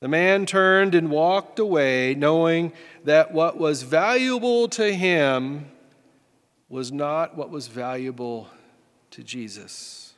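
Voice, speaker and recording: Man, pastor, sermon, slow, folksy, self-deprecating, slightly high voice. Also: a bit bright, smooth, long reverb tail.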